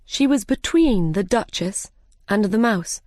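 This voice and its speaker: A woman narrating a simple story slowly and clearly for language learners. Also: mid-range voice, lively intonation, a little mellow, no room sound, studio quality. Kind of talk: slow graded-reader narration.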